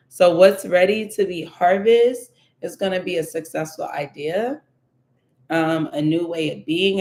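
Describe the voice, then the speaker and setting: A woman's voice: on the low side, a little mellow. A woman giving a casual tarot reading, thinking aloud with many fillers and repeating her questions to the cards. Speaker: tarot reader.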